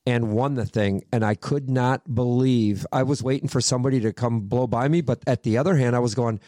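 Animated male racer telling stories, dry studio. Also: medium pitch, fairly quick, no echo. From Minnesota, USA. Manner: animated storyteller, swears freely. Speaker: sprint car driver, podcast guest. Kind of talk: casual storytelling chat.

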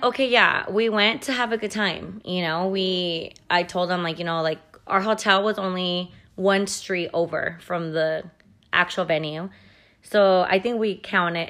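A woman's voice: fairly low pitch, a bit bright. A woman in her thirties hosting a podcast, telling a story in a blunt, profane, chatty way full of "like" fillers. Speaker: podcast host. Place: at home.

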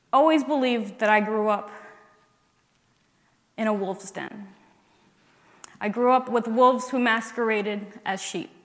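Slow, earnest woman giving testimony. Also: a little high, bright, forceful tone, in a large hall. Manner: earnest, building to emphatic declarations. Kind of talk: personal faith testimony.

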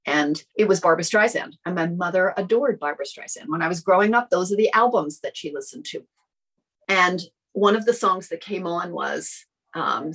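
In a casual interview, a middle-aged woman with a lowish, husky voice shares a personal story as a guest, animatedly acting out the dialogue of the people involved. The audio quality is poor.

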